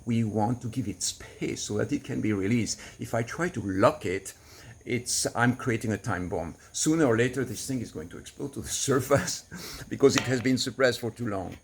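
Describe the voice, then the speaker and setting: A man coaching to camera, explaining in an earnest, patient way and laughing softly now and then. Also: mid-range voice, moderate pace, husky. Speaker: relationship coach. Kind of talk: teaching to camera.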